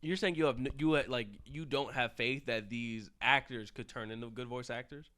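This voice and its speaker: A man's voice: mid-range voice, fairly even intonation, normal speed, fairly bright tone. A man co-hosting a podcast in casual chat, joking and laughing a lot. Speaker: podcast co-host.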